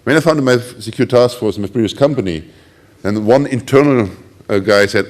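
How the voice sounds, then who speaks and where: A man's voice: mid-range voice, normal speed. A middle-aged man with a German accent giving a conference talk, telling ironic stories and acting out the quoted voices of others. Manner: animated, ironic storytelling with acted quotes. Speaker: conference speaker.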